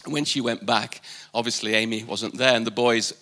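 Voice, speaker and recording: A man's voice: mid-range voice, steady tone, normal speed, sharp tone. A man preaching a live sermon at a church service, emphatic, repeating key phrases for weight. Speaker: pastor.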